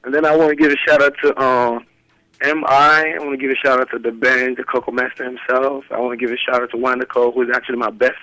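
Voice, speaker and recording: A man's voice: medium pitch, flat delivery, quick pace, bright, forceful tone, no room sound, poor audio. A man from Nigeria, a musician calling in to a radio interview, laid-back and casual, often saying "you know what I'm saying".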